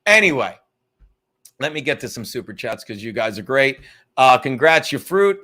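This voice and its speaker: A podcast host runs a casual livestream chat, rambling, joking, and cursing freely as he tells a story. His mid-range voice is very animated, pushed and bright, moving at a normal speed.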